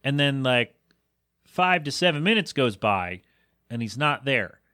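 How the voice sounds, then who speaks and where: A man's voice: big pitch swings, a little slow, sharp tone, dry recording. Podcast host, male, solo rambling monologue, exasperated storyteller, dry booth sound. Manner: exasperated storytelling, rising in pitch when incredulous.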